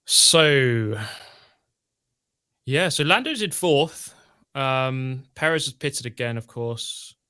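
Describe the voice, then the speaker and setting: A man's voice: mid-range voice, animated, slow pace, long pauses, bright, forceful tone, clean tone. A man co-hosting a live stream, chatting casually over a race and reading viewer tweets. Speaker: stream co-host. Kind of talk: casual live race watch-along chat.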